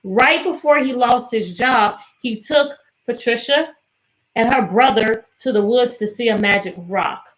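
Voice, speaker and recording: A woman's voice: fairly high pitch, unhurried, low-quality recording. Upbeat woman teacher on a video call. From Virginia. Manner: warm, upbeat, greets children by name. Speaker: teacher and tutor hosting an online read-aloud. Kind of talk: live online reading session with children.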